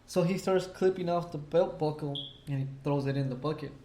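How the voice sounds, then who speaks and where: A man with a somewhat high voice tells stories on a casual podcast, cursing constantly and playing every part himself. His sound rings around an echoey room. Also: fairly quick, slight background noise. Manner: profane, animated storyteller acting out quotes. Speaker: podcast co-host. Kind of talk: casual drunk podcast chat.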